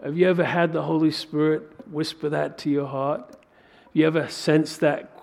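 Male pastor mid-sermon, slightly raised pitch, gravelly texture, animated and questioning. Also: moderate pace. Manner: animated preaching with rhetorical questions.

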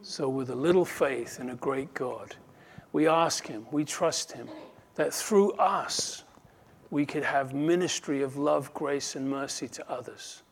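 A man's voice: mid-range voice, measured pace, vocal fry, husky. A man preaching an earnest sermon, acting out little dialogues and restarting words now and then. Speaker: pastor.

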